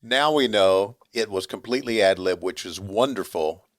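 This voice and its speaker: A man's voice: fairly low pitch, normal speed, no echo. A man hosting a podcast, chatting casually with a guest and introducing the next one. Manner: short affirming backchannels, warm introductions. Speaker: podcast host. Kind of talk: casual interview chat.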